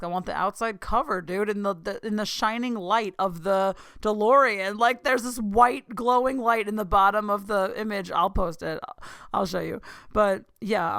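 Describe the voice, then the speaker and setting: A young woman hosting a podcast, telling a long excited story in casual chat, gushing and saying "like" a lot. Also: medium pitch, smooth, no echo, studio quality. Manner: gushing, excitable, says "like" often. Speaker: podcast host.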